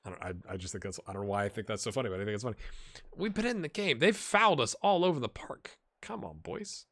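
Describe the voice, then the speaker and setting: An American man giving casual, lively commentary on a football management game and reacting loudly to the match. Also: mid-range voice, fast talker, vocal fry, no room sound. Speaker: gaming YouTuber.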